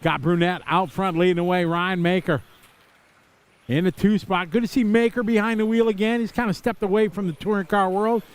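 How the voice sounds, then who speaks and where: A man's voice: high-pitched, fairly even intonation, fairly quick, clean tone. Chatty man calling an RC race. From Wisconsin. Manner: chatty, rambling asides between race calls. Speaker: race commentator. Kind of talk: live race commentary.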